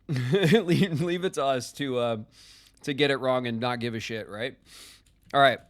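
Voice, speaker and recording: A man's voice: medium pitch, a little slow. Chatty American man streaming a game. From United States. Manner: rambling, chatty, lots of filler words. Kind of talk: casual live-stream chat while gaming.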